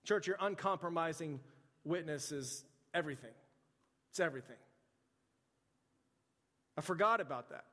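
A man's voice: on the high side, animated, normal speed, pauses often, a bit bright. Male pastor preaching in a reverberant hall. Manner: conversational preaching with chatty asides. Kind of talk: sermon. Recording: long reverb of a large hall.

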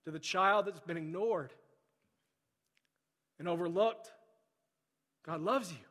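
A man preaching in a big church hall, his voice sitting a little high for a man and trailing off into long reverb. He moves from storytelling into soft, pleading repetition aimed at the congregation. He sounds like a middle-aged pastor. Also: takes it slowly. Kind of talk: sermon. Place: large church sanctuary.

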